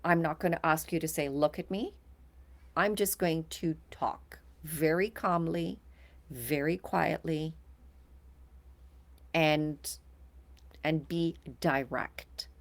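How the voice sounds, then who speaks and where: A woman co-hosting a podcast, giving calm, direct advice in casual talk. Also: sits low, slow pace, long pauses. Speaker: podcast co-host.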